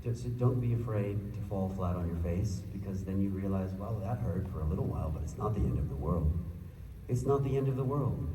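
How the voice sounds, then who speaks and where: A man's voice: deep voice, fairly quick, few pauses, background noise. A man speaking earnestly and encouragingly as a panel guest. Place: large convention hall, filmed from the audience. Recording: distant, echoey convention hall recording.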